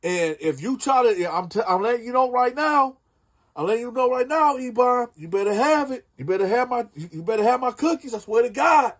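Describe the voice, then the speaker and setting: A man's voice: high voice, moderate pace, slightly rough, voice pushed up. A man doing a pushy prison inmate voice. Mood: threatening. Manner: forceful, repeats threats. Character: aggressive threatening male prison inmate.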